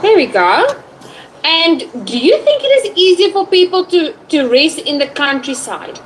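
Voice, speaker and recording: A woman with a high voice teaches English online, asking questions and praising her student. A faint noise sits under her speech. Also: very animated, measured pace, rough recording. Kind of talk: online tutoring session.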